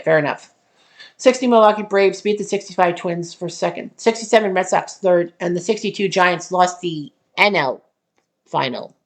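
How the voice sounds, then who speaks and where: Woman host, low gravelly voice, loose thinking-aloud explainer who stops to correct herself. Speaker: channel host. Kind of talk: casual walkthrough of a simulated sports tournament.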